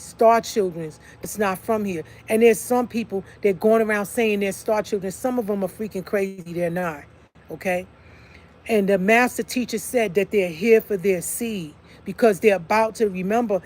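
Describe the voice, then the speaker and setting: A woman with a medium-pitched, slightly mellow voice talks casually to her online video audience. She is emphatic, stressing her points over and over, frequently asking "okay?" and repeating "like I said."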